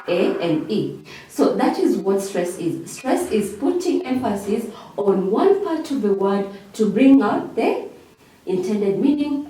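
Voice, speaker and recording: A woman's voice: medium pitch, warm tone. A woman teacher, giving a revision lesson, who repeats key words and checks in with "okay?". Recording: very echoey room, mic far off.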